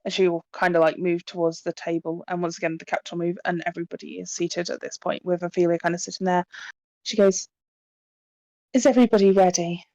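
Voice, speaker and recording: A woman running a tabletop horror game as game master, narrating in a relaxed way full of fillers. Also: lowish voice, fast, no echo, rough recording.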